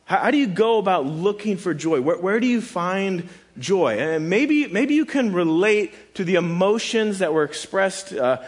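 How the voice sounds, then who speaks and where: A middle-aged man preaching a sermon in a relaxed, conversational voice that sits a little high. He drifts into quick asides and self-deprecating stories and keeps coming back to his point. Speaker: pastor.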